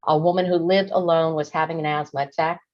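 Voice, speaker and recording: A woman's voice: low voice, fairly even intonation. A woman, a former emergency dispatch supervisor, reading solemn testimony at a legislative hearing. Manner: solemn, measured. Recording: dull lo-fi hearing stream.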